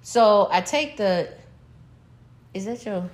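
A middle-aged woman telling a story in casual chat, animated and profane, breaking into laughter. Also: mid-range voice, slow pace. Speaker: podcast co-host, mother.

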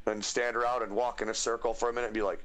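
A man's voice: mid-range voice, little pitch movement, racing, a bit bright. A man from the United States chatting casually on a stream about doing voice impressions, rambling with lots of fillers and restarts.

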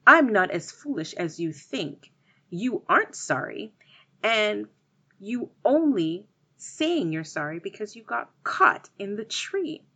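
A woman's voice: mid-range voice, big pitch swings, slow, sharp tone, husky, pitched above the performer's own voice, heavily acted. A woman voicing a clever, polite young girl. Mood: scolding.

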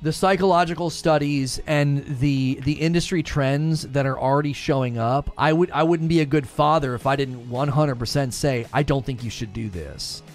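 A fairly high-voiced man giving a heated, impassioned commentary, circling back to repeat and restart his points. Faint music runs quietly behind him. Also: steady tone, moderate pace, few pauses. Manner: grows more heated and rises in pitch as he argues.

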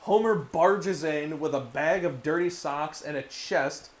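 A man casually recapping a cartoon episode on a podcast, profane and animated, slipping into voices. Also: on the high side, measured pace. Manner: profane, animated retelling with put-on quotes. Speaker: podcast co-host.

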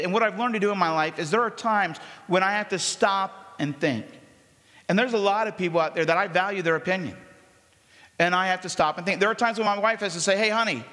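A pastor delivers a sermon in a high, lively voice, speaking to his congregation as if in conversation and acting out the voices of people in the story. His voice rings through the sanctuary with long reverb.

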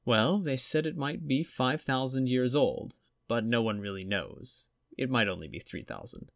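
A man's voice: mid-range voice, expressive, creaky, dry recording, clean studio sound, pitched above the performer's own voice. A man reading a story aloud and voicing a proud, chatty, lonely young female ghost in a raised, lilting voice. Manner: eager rapid questions. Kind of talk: audiobook reading.

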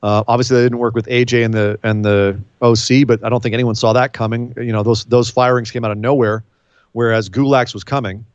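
A man co-hosting a podcast in casual chat, speculating at length and throwing in quick quips. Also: mid-range voice, little pitch movement, smooth, no echo, highs cut off. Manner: speculative, rambling, quick to quip. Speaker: podcast co-host.

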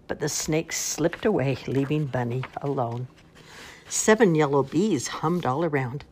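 Older woman reading a picture book aloud, slow and lively. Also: a little hiss or hum. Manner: sing-song, expressive read-aloud with lively pitch swings. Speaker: storyteller.

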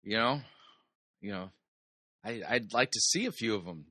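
Guy picking apart sermon clips, sarcastic, really bright voice, dry close mic. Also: lowish voice, expressive, moderate pace, no room sound. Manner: sarcastic, incredulous asides. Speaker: host reviewing sermon clips. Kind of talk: casual critical commentary.

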